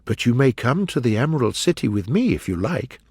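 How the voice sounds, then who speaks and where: A man's voice: medium pitch, very animated, brisk, a little mellow, slightly rough, no echo, studio quality. A man voicing a polite, brave young girl, speaking earnestly. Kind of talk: storybook character voice.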